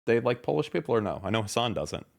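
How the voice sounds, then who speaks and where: A man's voice: mid-range voice, sing-song, fast talker, gravelly. A man hosting a podcast in casual chat, reading tweets aloud with a sarcastic, mocking manner and many fillers. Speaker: podcast host.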